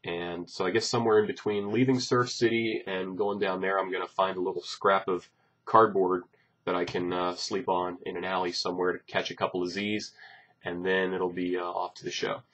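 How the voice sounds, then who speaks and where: A man, a bassist, chatting casually to his followers about upcoming gigs, rambling and joking with many fillers. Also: little pitch movement, normal speed, fairly bright tone. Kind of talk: casual chat to camera.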